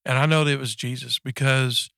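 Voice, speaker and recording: Gravelly guy in his 40s telling his faith story, earnest, lots of restarts, dry sound. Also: mid-range voice, steady tone, sharp tone, dry recording. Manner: halting, earnest, many restarts and fillers. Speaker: guest sharing a faith story. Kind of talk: personal testimony in casual chat.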